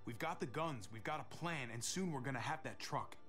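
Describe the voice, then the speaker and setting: An actor playing a calm, firm male survivor leading a group in a game, over music. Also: mid-range voice, a little fast, lightly acted. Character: steady grown male survivor leader. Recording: game audio with music behind.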